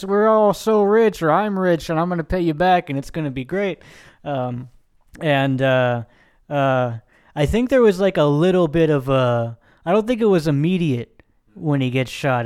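A man's voice: medium pitch, clean tone. A man casually talking over a film's ending, rambling with many fillers and swearing. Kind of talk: casual film discussion.

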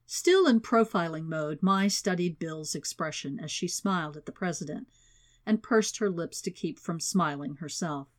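A woman's voice: fairly low pitch, normal speed. Woman narrating a thriller audiobook. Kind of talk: scripted narration.

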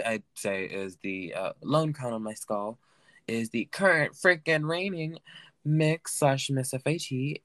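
A man's voice: medium pitch, fairly bright tone, no room sound. A man hosting a solo recap podcast in a camp, playful, rambling way, full of fillers and asides. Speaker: podcast host.

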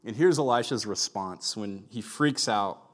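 A man's voice: lowish voice, measured pace. A man preaching a sermon, telling a personal story in a chatty way with many fillers before moving into scripture. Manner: chatty storyteller, heavy use of "like". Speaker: pastor.

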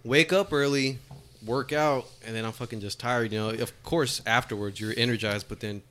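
A man's voice: medium pitch, fairly even intonation, normal speed, fairly bright tone. A man in casual podcast conversation who talks candidly and swears freely. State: new father. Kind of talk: casual chat.

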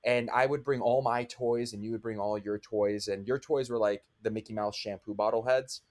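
A young man telling an animated, rambling story to his younger brother in casual chat. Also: fairly low pitch, moderate pace. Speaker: podcast co-host, older brother.

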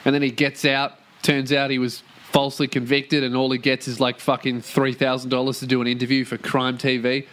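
A young man hosting a casual podcast, ranting in a sweary, animated way and breaking into loud put-on voices for quotes. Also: medium pitch, brisk, few pauses. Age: young adult. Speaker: podcast host. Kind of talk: casual rant monologue.

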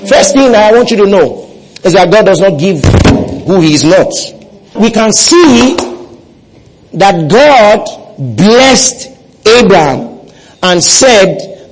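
Give me a man with a high voice preaching a sermon, calling out to the congregation and repeating his points. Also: expressive, slow, low-quality recording. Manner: call-and-response preaching with the congregation; repeats phrases for emphasis. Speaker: pastor.

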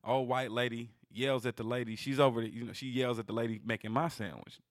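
A man's voice: medium pitch, fairly even intonation, quick pace, dry recording, clean studio sound. A man in casual chat, telling stories animatedly and swearing freely as a podcast co-host.

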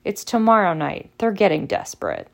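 A woman reading aloud and voicing a clever teenage schoolgirl witch who explains things briskly and scornfully. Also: on the low side, wildly swooping pitch, vocal fry, full character voice.

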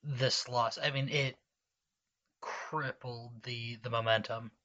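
Bright-voiced man in casual chat. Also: medium pitch, steady tone, slow pace, highs cut off. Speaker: podcast co-host.

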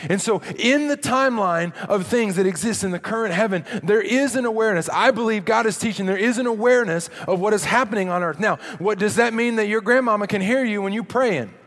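High-voiced male pastor in a reverberant hall. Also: a bit bright. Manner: conversational preaching with repetitions and restarts. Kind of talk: sermon.

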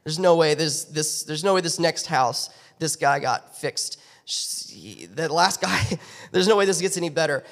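A man's voice: fairly high pitch, expressive, unhurried, gravelly. A man voicing a greedy male tax collector who demands his money in a blunt, pushy way. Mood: astonished. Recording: long reverb of a church hall.

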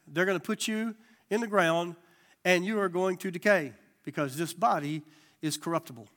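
Male preacher, high-pitched, lively and conversational from the pulpit. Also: moderate pace. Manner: animated preaching with folksy asides. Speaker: pastor. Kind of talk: sermon.

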